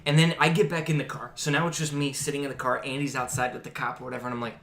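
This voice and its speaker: A young man hosting a podcast and telling a story to friends in a casual, animated way, swearing often and acting out what people said. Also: mid-range voice, racing. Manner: animated, swearing, acts out quotes. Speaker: podcast host. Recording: roomy echo.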